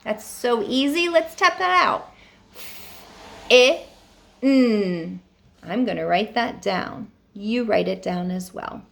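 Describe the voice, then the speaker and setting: A woman leads a phonics lesson for first graders in a bright, fairly high voice that swoops up and down. She talks slowly and patiently, in an encouraging, sing-song teacher manner. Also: animated, vocal fry. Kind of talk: remote phonics lesson for young children.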